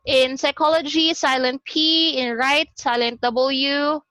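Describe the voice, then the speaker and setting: A woman with a Filipino accent presenting a lesson on a video call, explaining slowly and repeating herself as she goes. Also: high voice, fairly even intonation, sharp tone, no echo, rough recording. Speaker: student presenter in a class discussion. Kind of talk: online class presentation. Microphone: computer or headset mic on a video call.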